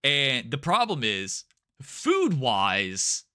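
A man's voice: medium pitch, wildly swooping pitch, very slow, sharp tone, clear, resonant tone. A man co-hosting a podcast in casual chat, explaining plans at length with plenty of fillers. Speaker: podcast co-host.

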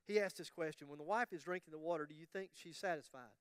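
A man's voice: on the high side, fast talker, clean tone, dry recording, clean studio sound. A man preaching a sermon, telling a story with humorous asides and acting out the voices of the people in it. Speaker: pastor.

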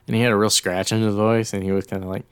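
A man co-hosting a podcast in casual, animated chat, laughing often and swearing. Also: lowish voice, very fast, clear, resonant tone, no echo, clean studio sound. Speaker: podcast co-host.

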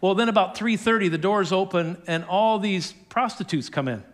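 High-voiced guy preaching, telling a story and doing the quotes with little chuckles. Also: moderate pace. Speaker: pastor. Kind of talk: sermon.

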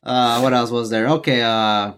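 A young man co-hosts a podcast in an average-pitched voice, speaking in a relaxed, hesitant way. He stops and restarts often, filling the gaps with fillers as he chats. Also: clear, resonant tone. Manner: relaxed, halting, hesitant filler-heavy talk. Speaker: podcast co-host. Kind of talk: casual chat.

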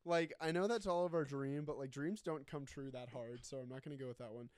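A man's voice: medium pitch, a little fast, a little mellow, slight background noise. A man co-hosting a podcast, casually retelling a story in a jokey, giggly way. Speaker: podcast co-host. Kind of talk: casual chat.

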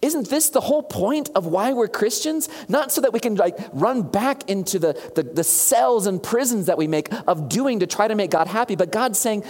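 A preacher delivering an animated sermon, asking the congregation questions directly. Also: mid-range voice, normal speed, few pauses. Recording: long hall reverb.

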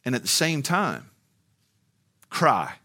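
A man's voice: medium pitch, wildly swooping pitch, takes it slowly, pushed and bright. A man preaching a sermon, moving from a conversational tone to fiery, soaring emphasis. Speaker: pastor.

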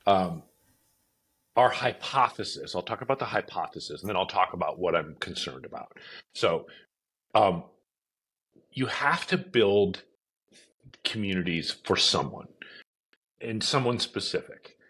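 A middle-aged man, a company executive, chatting casually in an interview, filling his stories with "like" and "you know" and acting out shouted quotes. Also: sits low, animated, measured pace, pauses often, slightly rough. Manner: chatty, many fillers, acts out shouted quotes. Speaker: events company CEO, podcast guest.

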